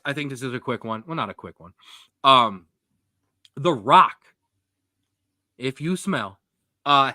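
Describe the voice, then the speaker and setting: A young man co-hosting a sports podcast, talking in a rambling, jokey, animated way. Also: a little high, no echo, studio quality. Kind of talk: casual sports chat.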